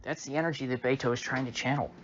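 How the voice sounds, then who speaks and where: A man talks through a solo commentary monologue with a sarcastic, mocking edge and the odd chuckle. His voice sits at an ordinary middle pitch. The recording is a little dull and muffled, with a faint hiss underneath. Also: steady tone, fast. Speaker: political commentator.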